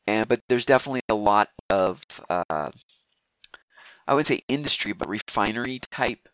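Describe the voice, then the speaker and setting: A man's voice: lowish voice, expressive, normal speed, a bit bright, no echo, poor audio. A man narrating as game master of a tabletop game, rambling with many fillers and restarts.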